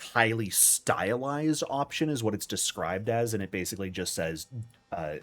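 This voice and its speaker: A man narrating a tabletop role-playing game as game master in a relaxed, halting way, with many fillers. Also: low voice.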